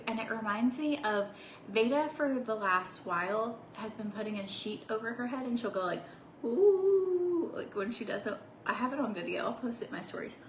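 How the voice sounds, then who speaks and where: A woman's voice: fairly high pitch, fairly bright tone. Bubbly woman in her 30s rambling to the camera from her office, lots of likes and little laughs, roomy echo, faint hum behind. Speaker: vlogger. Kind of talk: casual chat to camera. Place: home office. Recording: echoey room with faint background ambience.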